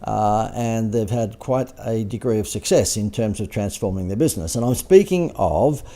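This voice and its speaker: A man's voice: fairly low pitch, lively intonation, moderate pace, dark tone. A man, a business coach talking through slides with dry, sarcastic asides and chuckles. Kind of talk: presentation over slides.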